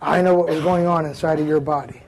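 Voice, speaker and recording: A man's voice: on the high side, quick pace, gravelly, low-quality recording. An older man, a former police officer, giving a blunt, folksy, comedic talk to young offenders. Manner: animated storyteller, blunt, folksy. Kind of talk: comedic talk to a live group.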